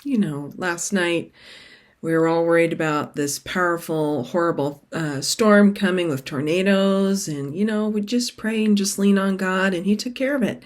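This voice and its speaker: Rambling chatty woman, lowish voice. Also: normal speed. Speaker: cross-stitch vlog host. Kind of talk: casual chat.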